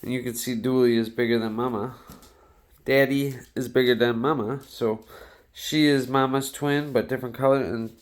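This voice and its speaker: A man's voice: mid-range voice, fairly even intonation, normal speed. A man chatting casually at home in his living room, showing off his dogs and cooing at them in baby talk. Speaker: dog owner. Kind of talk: casual home video talking to pets.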